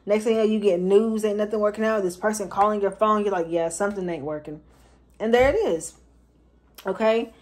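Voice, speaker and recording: A woman's voice: medium pitch, a little fast, a little mellow. Chatty woman giving a tarot reading. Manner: chatty, slangy, repeats herself for emphasis. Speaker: tarot reader. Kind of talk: casual tarot reading for viewers.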